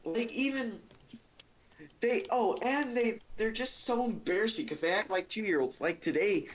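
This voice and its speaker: A man's voice: sits high, unhurried. A teenage boy streaming, talking casually and rambling with lots of fillers. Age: teens. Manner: rambling, full of fillers and quoted outbursts. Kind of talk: casual chat while gaming. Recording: dull lo-fi mic with faint hiss.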